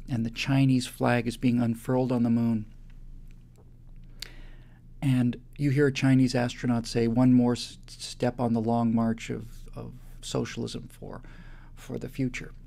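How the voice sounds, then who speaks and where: A man's voice: mid-range voice, creaky, darkish tone. A man hosting a live show, delivering an impassioned monologue that builds into emphatic repetitions.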